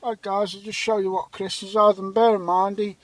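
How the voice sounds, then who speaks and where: A man's voice: sits high, level tone, fairly quick, rough recording. A man hosting a metal detecting vlog, chatting enthusiastically to viewers while outdoors in a windy farm field. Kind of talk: casual vlog commentary.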